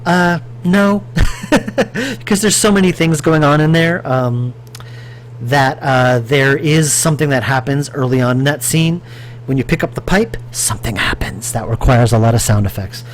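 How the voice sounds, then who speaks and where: A man's voice: medium pitch, moderate pace, a little hiss or hum. A man casually thinking aloud as he works during a live stream, rambling with fillers and restarts, answering viewer chat. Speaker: game developer streaming his work. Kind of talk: casual live-stream commentary while working.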